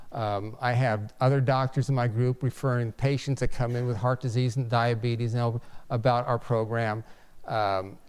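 Smooth-voiced older man recounting his story. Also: mid-range voice, darkish tone. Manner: halting, earnest, with frequent restarts. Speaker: physician. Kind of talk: personal testimony, storytelling.

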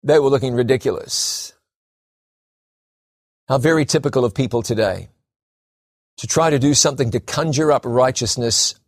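A man preaching a sermon, emphatic, slowing down and repeating key phrases for stress. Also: medium pitch, no room sound, studio quality.

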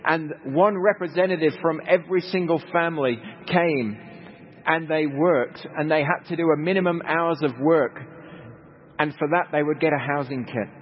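A man's voice: fairly high pitch, moderate pace. Australian man telling stories in a hall. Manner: conversational, anecdotal with humorous asides. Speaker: missionary speaker. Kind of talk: storytelling talk to a congregation. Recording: dull lo-fi recording with hall reverb, faint noise.

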